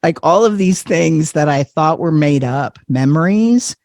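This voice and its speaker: A man, a podcast guest, telling a personal story in a casual, animated way, often laughing and acting out what others said. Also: fairly high pitch, unhurried, no echo.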